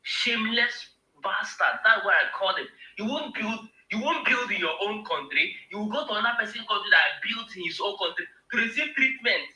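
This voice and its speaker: A man's voice: high voice, animated, brisk, few pauses, sharp tone, roomy sound, poor audio. A man with a Nigerian accent, speaking on a live show in an emotional, emphatic rant that repeats words when heated. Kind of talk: impassioned political rant.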